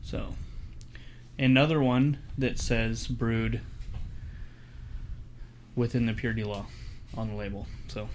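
A man's voice: medium pitch, steady tone, slow, pauses often, a little mellow. A man with an ordinary mid-range voice talks through beers on a casual podcast. He hedges, restarts his sentences and thinks aloud. Faint room noise hums in the background. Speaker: podcast co-host. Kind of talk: casual beer-tasting chat.

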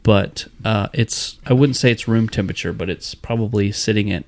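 A man hosting a casual beer-tasting podcast, talking in a relaxed, hesitant way with many restarts. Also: on the low side, normal speed. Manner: relaxed, hesitant, repeats himself. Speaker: podcast host.

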